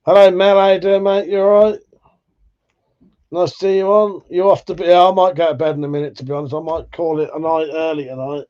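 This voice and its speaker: A man's voice: on the high side, little pitch movement, brisk, a little mellow, clean tone, lo-fi sound. A man hosting a casual live chat stream, laid-back and tired, who swears freely as he chats to viewers. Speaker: livestream host.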